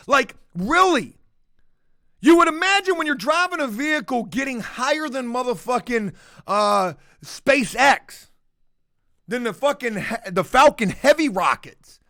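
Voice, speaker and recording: A man's voice: very high voice, very animated, measured pace, pushed and bright, no room sound, studio quality. A man telling a story to camera as a profane, mocking rant. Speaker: vlogger.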